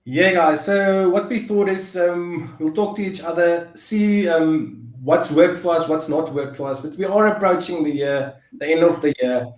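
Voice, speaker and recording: A South African man with a high-pitched voice co-hosts a casual business chat. He rambles, repeating words and filling pauses with "um". The sound is roomy and echoey. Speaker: co-host.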